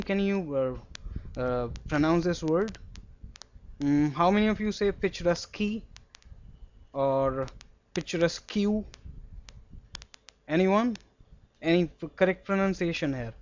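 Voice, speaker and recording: A man's voice: fairly high pitch, a little mellow, a little hiss or hum. A young man with an Indian English accent teaching geography to a class in a classroom. He asks playful questions and mixes Hindi with English. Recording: dull lo-fi classroom recording.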